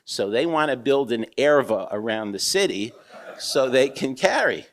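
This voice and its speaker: A man playing an earnest male transport official who talks haltingly, within a humorous anecdote. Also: medium pitch, lively intonation, lightly acted.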